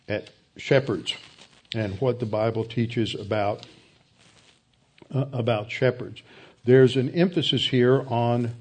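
A man teaching a Bible lesson in a mellow, warm voice. He explains steadily and pauses now and then to find his words. His pitch sits in the ordinary middle range for a man. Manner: measured, explanatory teaching with occasional hesitations. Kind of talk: Bible study lecture.

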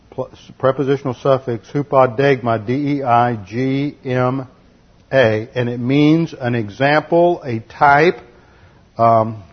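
A man teaching an expository Bible study in a deliberate, lecturing way, spelling out Greek words letter by letter. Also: medium pitch. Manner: lecturing, corrects translations. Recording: slightly muffled lo-fi recording.

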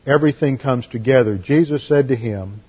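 A man's voice: medium pitch, a little fast, breathy edge. A man preaching an expository Bible lesson, emphatic and explaining Greek words, on a dull lo-fi recording. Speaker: pastor.

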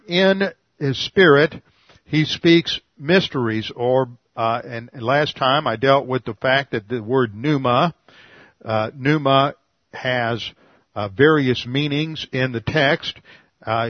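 A man preaching a sermon in a measured, deliberate lecturing manner, teaching through a Bible passage. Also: mid-range voice, no room sound, highs cut off. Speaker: pastor.

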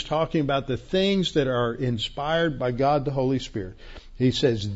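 A man's voice: mid-range voice, normal speed, highs cut off. A man from Texas, a pastor teaching the Bible word by word, emphatic and repeating key words, with frequent restarts.

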